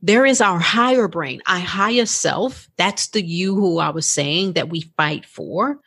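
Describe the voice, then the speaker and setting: Breathy, lively-voiced woman podcast host. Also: fairly low pitch, a little slow. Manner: chatty and encouraging, with lots of "like" and "right?". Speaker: podcast host and life coach. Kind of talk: casual podcast talk.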